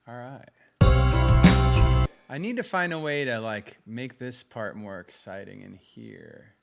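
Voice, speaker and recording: A man's voice: mid-range voice, expressive, slow pace, creaky. A man streaming a live music jam, chatting casually with his viewers and muttering to himself as he fiddles with cables and keyboards in a home studio. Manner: rambling, muttering to himself while fiddling with gear; chats with viewers, self-deprecating. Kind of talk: casual livestream chat.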